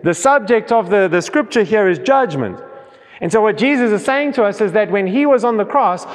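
A preacher with a high voice reads scripture aloud at a moderate pace, his intonation lively, though he frequently restarts and repeats himself. A long reverberation from the hall follows his words.

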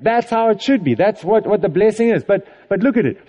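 A man's voice: high voice, a little fast, hardly any pauses, dark tone, muffled recording. A man preaching a sermon to a congregation in a casual, conversational way, checking in with them often and laughing along. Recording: echoey hall reverb.

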